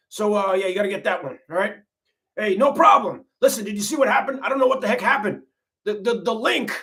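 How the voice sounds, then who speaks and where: A man's voice: sits high, fairly bright tone. A man playing a folksy, laid-back grandmother on a comedic parody livestream, rambling and repeating himself. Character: folksy middle-aged grandmother reality-TV wife, laid-back. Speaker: livestream host.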